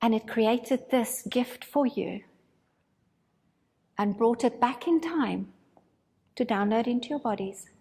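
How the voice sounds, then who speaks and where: A woman teaching a spiritual course, telling a story in a casual, animated way and acting out her own thoughts. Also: fairly high pitch, takes it slowly, long pauses, husky, long reverb tail.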